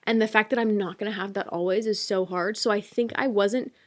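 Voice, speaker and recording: A woman's voice: medium pitch, fairly even intonation, fairly quick. A woman in her twenties, a podcast co-host, chatting casually and emotionally with many fillers. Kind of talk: casual chat.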